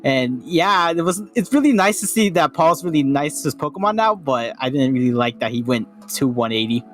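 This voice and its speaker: A man's voice: on the high side, expressive, fairly quick, soft background music. A man on a voice call giving a casual, hesitant reaction, thinking aloud with many restarts. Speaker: panel guest.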